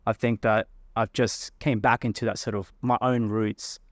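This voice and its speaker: Man, Australian accent, animated, storytelling guest, dry close sound. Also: on the low side, normal speed, no room sound. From Darwin, Australia. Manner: animated storyteller, acts out quotes, laughs often. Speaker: podcast guest. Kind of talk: casual chat.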